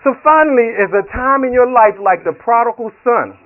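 High voiced preacher guy telling a story, lots of laughing, sounds like a tinny phone line. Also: moderate pace. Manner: animated, laughing often, acts out dialogue. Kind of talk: sermon storytelling. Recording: tinny phone-like radio broadcast.

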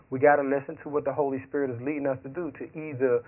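A man's voice: mid-range voice, level tone, racing, hardly any pauses. A man preaching a sermon, telling stories with acted quotes, laughing along as he goes. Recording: tinny phone-like radio sound.

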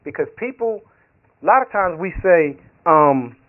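A man preaching a sermon in a slightly high voice, moving from Bible reading into stories full of acted-out quotes. The sound is thin and tinny, as if carried over a phone line. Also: expressive, unhurried. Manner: storytelling with acted quotes and laughter.

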